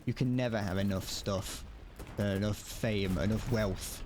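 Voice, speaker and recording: A man's voice: lowish voice, fairly even intonation, a little slow, darkish tone, a little hiss or hum. A British man streaming a shooter game, chatting in a rambling, joking, self-mocking way. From Britain. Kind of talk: casual gameplay commentary.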